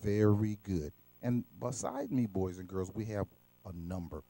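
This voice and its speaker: A middle-aged man hosting a children's show, teaching preschoolers in a slow, repetitive, coaxing call-and-response manner. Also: lowish voice, dark tone, no room sound.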